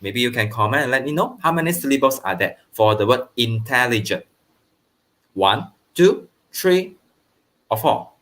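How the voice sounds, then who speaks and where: A man teaching primary school grammar online, explaining slowly and checking understanding with "okay", with brief bits of Mandarin. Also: medium pitch, lively intonation, fairly bright tone. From Malaysia. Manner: switches into Mandarin for translations.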